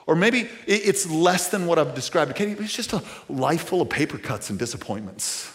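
A man preaching a sermon to a church audience in a casual, conversational way, full of fillers, swinging from loud to hushed. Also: fairly high pitch, expressive, a little fast. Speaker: pastor.

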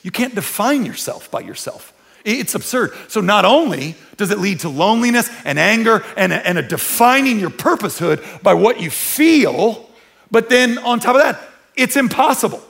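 A man preaching a sermon in a church, talking conversationally with repeats and restarts, dropping to hushed tones and rising to loud emphatic peaks. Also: high-pitched, big pitch swings, normal speed, gravelly. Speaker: pastor. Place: church sanctuary.

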